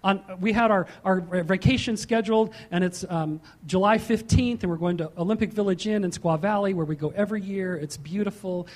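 A man preaching a sermon as pastor, slowing down to stress key points and dropping into chatty storytelling. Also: sits high. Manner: emphatic, slows and rises for key points, then drops into chatty storytelling.

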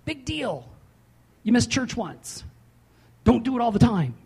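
A man preaching a sermon as pastor, slowing down to stress key points and dropping into chatty storytelling. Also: extremely high pitch, expressive, darkish tone, slightly rough. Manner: emphatic, slows and rises for key points, then drops into chatty storytelling.

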